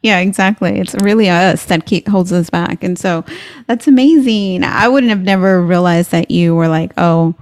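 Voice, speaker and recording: A woman's voice: lowish voice, normal speed, darkish tone, no room sound. Encouraging woman host, dry close sound. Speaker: interview host. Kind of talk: casual interview chat.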